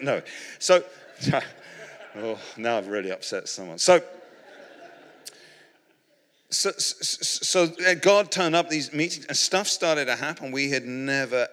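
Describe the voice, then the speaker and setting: A British preacher tells stories in a rambling, self-mocking sermon full of restarts. His voice sits at an ordinary middle pitch. Long reverb from a big hall trails behind every phrase. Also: a bit bright. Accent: British English. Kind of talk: humorous sermon storytelling.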